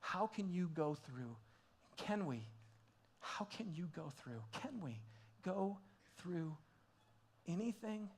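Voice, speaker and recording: A man preaching a sermon, swinging between hushed, intimate questions and loud, excited exclamations, with frequent laughs and restarts. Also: sits high, slow, pauses often. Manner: repeats himself and restarts, laughing often. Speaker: pastor.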